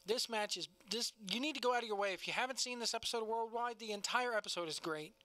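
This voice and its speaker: Male podcast co-host, casual and cussing, quick to laugh, dry close sound. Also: high voice, bright, forceful tone, no room sound. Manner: laughs often, loose and cussing. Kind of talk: casual wrestling review chat.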